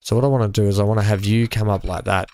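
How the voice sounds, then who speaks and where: Racing along in a lowish, dark, steady voice, this man streams a building game. His commentary is casual as he talks to viewers and reads out chat, with plenty of fillers.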